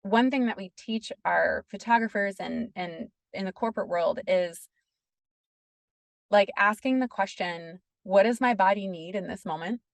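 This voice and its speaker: Woman guest, interview storytelling, gravelly fry, dry close sound, earnest and chatty. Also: medium pitch, unhurried, dry recording. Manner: earnest, peppers speech with "like". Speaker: podcast guest.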